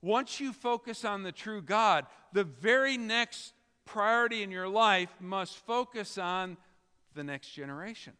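Male preacher, high-pitched and crisp, emphatic storyteller, reverberant church. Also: expressive, a little slow, bright, forceful tone. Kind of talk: sermon. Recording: reverberant hall.

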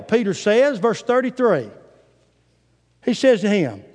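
Male preacher, dramatic sermon delivery, high animated voice, long church reverb. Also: normal speed. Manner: animated, dramatic scripture retelling.

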